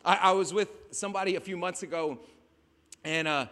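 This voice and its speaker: A man delivers a sermon in a high, bright voice. He talks to the crowd in a chatty, conversational way, then builds to emphatic shouts. His voice carries a long hall reverb. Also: brisk. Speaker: pastor. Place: outdoors at a beach gathering.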